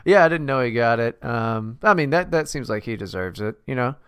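Crude, smooth-voiced male co-host. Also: mid-range voice, expressive, fairly quick, fairly bright tone, dry recording, clean studio sound. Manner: crude, profane, blunt. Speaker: podcast co-host. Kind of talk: casual chat.

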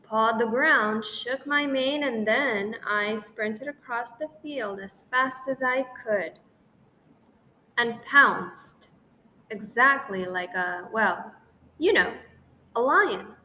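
A woman reads a children's story aloud, playful and expressive. She takes her time, with a fairly high voice. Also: slow pace.

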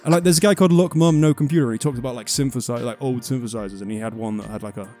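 A man's voice: mid-range voice, very fast, mellow, faint music behind. Rambling English man, casual chat. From England. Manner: rambling, self-mocking, laughs often. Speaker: podcast co-host.

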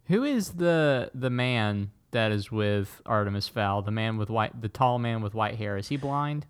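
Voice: medium pitch, animated, unhurried, clean tone. A podcast co-host chatting casually, asking amused, curious questions. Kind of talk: casual chat.

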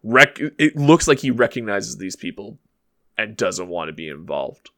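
A man narrating a tabletop role-playing game as game master, relaxed and hesitant, with frequent fillers. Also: on the low side, measured pace, vocal fry.

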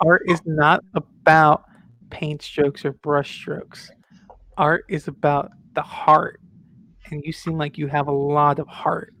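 A man voicing a smooth-talking male artist who gushes flattery at everyone he meets. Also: on the high side, slow, slight background noise, full character voice. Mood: soothing. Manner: gushing, flattering.

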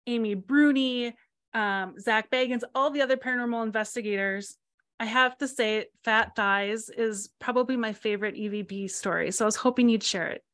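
A woman's voice: a little high, moderate pace, fairly bright tone. Woman hosting a podcast interview. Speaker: podcast host. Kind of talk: casual interview chat.

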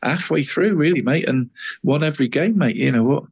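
A man's voice: on the high side, animated, a little fast, slightly rough, dry recording. A man co-hosting a casual football chat show. He rambles, restarts often and drops "mate" into nearly every phrase. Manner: chatty, says "mate" constantly, rambling. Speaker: podcast co-host.

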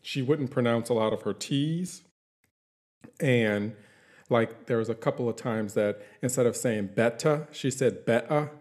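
A man with an average-pitched voice rambles through a recap of a TV show. He talks in an easygoing way, with plenty of likes and restarts. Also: measured pace, darkish tone. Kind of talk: casual chat.

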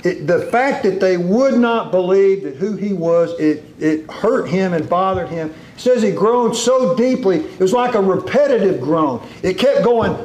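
A man preaching a sermon, drawing out key words slowly and dropping into a low hush for emphasis.

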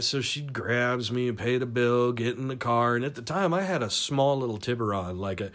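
A man spins a crude personal anecdote in an easy, casual way. He rambles, swears freely and chuckles at his own story. His voice sits at an ordinary middle pitch. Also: normal speed, few pauses, a bit bright. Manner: rambling, profane, laughs through his stories.

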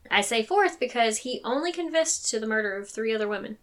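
A woman's voice: fairly high pitch, expressive, a little fast, fairly bright tone. A woman hosting a true crime podcast in casual chat, swearing freely and turning firm and emphatic when she gets angry. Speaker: podcast host.

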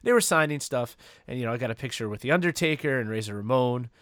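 A man's voice: medium pitch, expressive, fast, a bit bright, dry recording, studio quality. Pria santai bercerita panjang, rekaman kering. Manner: rambling storyteller, many fillers and restarts. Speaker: podcast co-host. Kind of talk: casual chat.

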